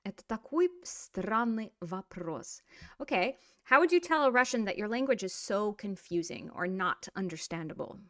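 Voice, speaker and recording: A woman gives a casual video lesson in Russian, explaining things in English and then playfully acting out example phrases in Russian. She's lively, with a medium-pitched voice, and talks briskly with hardly any pauses. The studio-quality recording has no echo.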